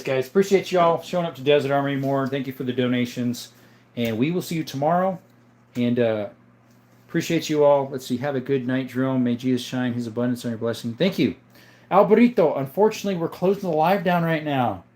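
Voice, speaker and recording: A man's voice: mid-range voice, a little fast, a little mellow. Rambling man hosting a livestream. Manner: rambling, jokey, reads chat aloud. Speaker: livestream host. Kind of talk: casual livestream chat.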